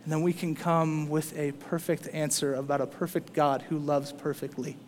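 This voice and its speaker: Animated high-voiced male preacher in a reverberant hall. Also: moderate pace, slight background noise. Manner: animated, preaching with rising emphasis and playful asides. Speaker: pastor. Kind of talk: sermon. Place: church sanctuary.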